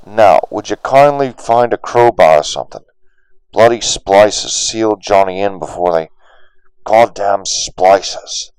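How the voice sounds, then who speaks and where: Man voicing a coaxing schemer, loud and pushy, smooth tone, dry close sound. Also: fairly low pitch, a little slow, dry recording, close to an everyday voice, rough recording. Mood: urgent. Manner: urgent, pleading, coaxing. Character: scheming Irish man on a radio.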